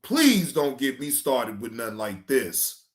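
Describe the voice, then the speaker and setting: A man hosting a reaction show, talking in a loud, profane, exclamatory way, often stammering and restarting. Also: medium pitch, sing-song, unhurried. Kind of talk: casual reaction commentary.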